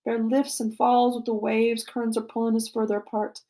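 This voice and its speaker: A woman reading a novel aloud to a class, expressive and dramatic, sometimes dropping to a hushed voice. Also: on the high side, moderate pace. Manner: expressive, dramatic, drops to a hushed voice for tense moments.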